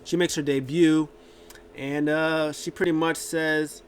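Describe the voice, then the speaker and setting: A man's voice: a little high, fairly even intonation, a little slow, a little hiss or hum. A man casually recapping a wrestling show, rambling with lots of filler words and restarts.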